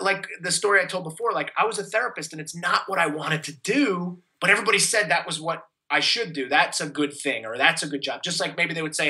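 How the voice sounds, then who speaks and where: A man's voice: a little high, bright, forceful tone, low-quality recording. A man, giving an enthusiastic, motivational interview as a fitness coach. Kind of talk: energetic interview talk.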